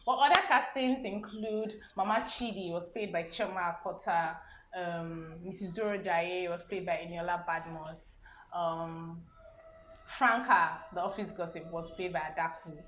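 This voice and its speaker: A woman's voice: lowish voice, measured pace, background noise. A young woman with a Nigerian accent chatting casually as she reviews a film, rambling with "um" and "I mean" asides. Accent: Nigerian English. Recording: roomy sound with music behind.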